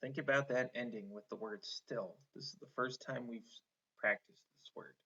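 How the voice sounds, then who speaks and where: Bright-voiced man teaching a phonics lesson. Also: medium pitch, slightly rough. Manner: slow, encouraging, stretches out sounds. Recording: slightly dull lo-fi online lesson audio.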